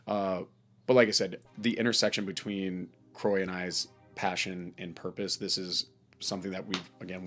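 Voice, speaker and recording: A man's voice: low-pitched, fairly bright tone. A young man with a Minnesotan accent, co-hosting a podcast in earnest, rambling casual chat. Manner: earnest, rambling, many fillers. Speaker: podcast co-host.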